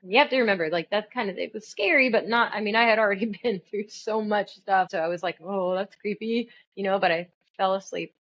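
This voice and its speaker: A middle-aged woman giving an earnest, animated personal testimony, telling her story with bursts of alarm. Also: medium pitch, fast, few pauses, lo-fi sound. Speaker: testimony speaker.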